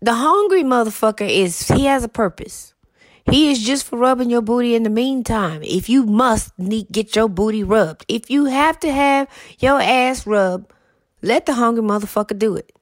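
A woman's voice: a little high, expressive, normal speed, dry recording. A woman, telling a story and giving blunt, profane advice in casual talk, a little congested. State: congested, mouth breathing.

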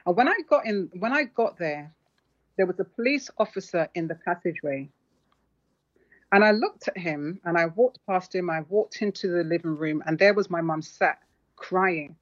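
A woman's voice: lowish voice, moderate pace. A woman tells a personal story as a guest author. She is earnest and reflective and sometimes restarts her sentences. The audio is muffled and lo-fi. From London.

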